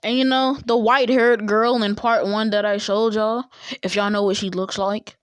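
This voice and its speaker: A woman's voice: mid-range voice, level tone, moderate pace, clean tone, dry recording. A woman casually telling a fan-fiction story in a rambling, slangy way, with many fillers and restarts.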